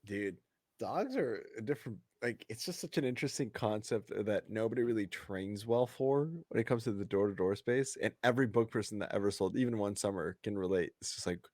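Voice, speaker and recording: A man hosting a podcast, chatting casually in a relaxed, filler-heavy way and swearing now and then. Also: lowish voice, brisk, dry recording, clean studio sound. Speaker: podcast host. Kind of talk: casual chat.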